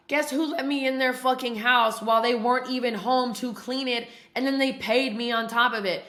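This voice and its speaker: A woman podcast host telling a story in casual, profane, animated talk. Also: a little high, moderate pace, hardly any pauses. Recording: echoey room.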